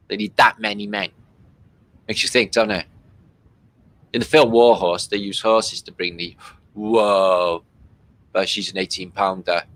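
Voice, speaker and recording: Casual host, male, from Britain; bright tone, loose delivery, swears a lot. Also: fairly low pitch. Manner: loose and chatty, swearing freely, many fillers. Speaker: host commenting on archive war footage. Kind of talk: casual running commentary.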